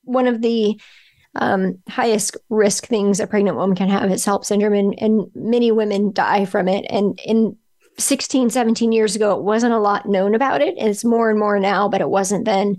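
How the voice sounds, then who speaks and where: Halting woman recounting a hard memory. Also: mid-range voice, fairly even intonation, darkish tone. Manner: halting, searching for words with many restarts. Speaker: guest. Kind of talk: personal storytelling in a podcast interview.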